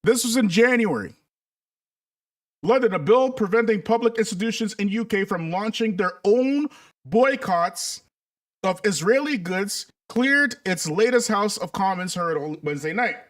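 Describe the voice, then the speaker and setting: A man with a high, light voice talking straight to his viewers in an easy, conversational flow. He leans hard into sarcasm, dragging out mock surprise and poking fun at what he reads aloud. His pace shifts between quick asides and slow, pointed jabs. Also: animated, fairly bright tone, recorded from a distance. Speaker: political commentator. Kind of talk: commentary stream to viewers.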